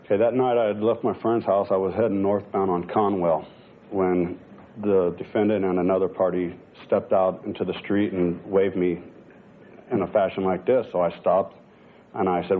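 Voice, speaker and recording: A man's voice: deep voice, fairly even intonation, moderate pace, a little hiss or hum. A man testifying as plaintiff, rambling and retelling every exchange with "I go, he goes". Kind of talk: courtroom testimony. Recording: tinny lo-fi broadcast audio.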